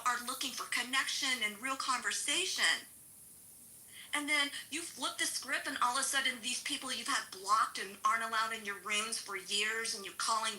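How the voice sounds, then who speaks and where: A woman's voice: fairly high pitch, sharp tone, low-quality recording. A middle-aged woman in a heated, sarcastic, swearing rant to a social audio room.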